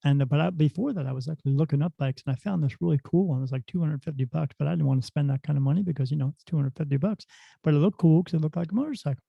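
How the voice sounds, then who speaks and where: A middle-aged man, a spirit medium guest on a podcast, telling stories in a lively, casual way. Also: fairly high pitch, rapid-fire, creaky, no echo. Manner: animated storyteller who acts out dialogue. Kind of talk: casual storytelling in a podcast interview. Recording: dull, dry lo-fi sound.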